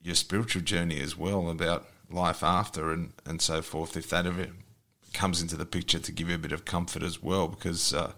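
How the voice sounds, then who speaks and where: A man hosting an interview, asking long, gently searching questions. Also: deep voice, level tone, brisk. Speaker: host. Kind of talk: interview conversation.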